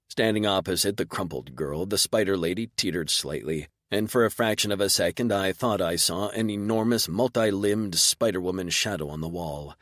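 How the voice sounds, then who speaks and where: Brief: male audiobook narrator, lowish and terse, dead-dry studio sound. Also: a little fast, few pauses, fairly bright tone, no echo. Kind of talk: scripted first-person narration.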